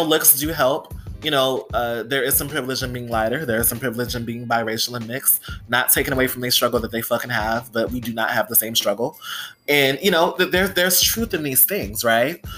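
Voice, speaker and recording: A woman's voice: a bass voice, a bit bright. A woman hosting a solo podcast, talking candidly and with plenty of swearing, often saying "you know" and "right?". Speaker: podcast host.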